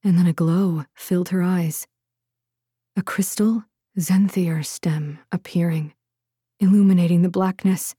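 Woman reading a fantasy story out loud, slow and dramatic, dry. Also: fairly low pitch, steady tone, slightly rough, no room sound. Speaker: audiobook narrator. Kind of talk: scripted narration.

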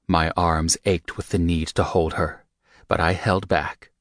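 A man reads a first-person audiobook in a measured, steady way. His voice sits very low. The sound is dry and close, with no room around it. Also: no room sound. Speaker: audiobook narrator.

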